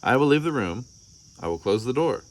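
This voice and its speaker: A man's voice: mid-range voice, sing-song, brisk, pitched above the performer's own voice, lightly acted. A man voicing a cheerful, patient mother anteater in a storybook reading, with a coaxing, sing-song manner. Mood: playful. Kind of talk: storybook read-aloud.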